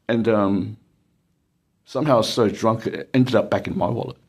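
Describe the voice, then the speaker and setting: A low, husky Australian man spins a loose, meandering story. He leans on "um" and "like," circles back on himself, and laughs his way through it. It sounds like an easygoing personal tale told straight to camera. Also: measured pace. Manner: rambling, many fillers and laughs. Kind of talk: casual anecdote telling.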